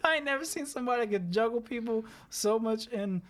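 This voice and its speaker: A man's voice: extremely high pitch, brisk, a little hiss or hum. A young man in casual chat, telling stories with lots of swearing and acted-out quotes. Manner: animated, laughing, swearing, acts out quotes.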